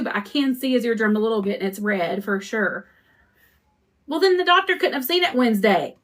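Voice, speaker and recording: A woman hosting a crafting live stream, chatting to viewers in a rambling, conversational way while she works. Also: mid-range voice. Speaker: custom cup shop owner hosting a live stream.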